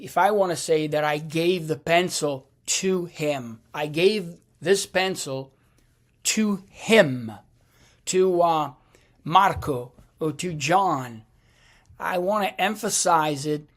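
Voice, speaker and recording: A man giving a video lecture on Italian grammar, speaking deliberately with many pauses, fillers and restarts. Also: on the high side. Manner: deliberate, halting with frequent fillers and repeats.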